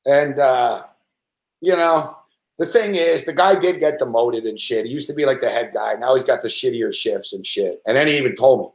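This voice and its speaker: A man's voice: mid-range voice, moderate pace, echoey room. A man hosting a sports betting show, telling a long profane story in a casual late-night rant.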